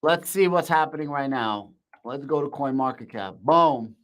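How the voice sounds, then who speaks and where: A man hosting a live stream, shouting with excitement in casual slang and answering viewers' comments. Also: mid-range voice, normal speed. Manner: shouting, hyped, slangy, reads chat aloud.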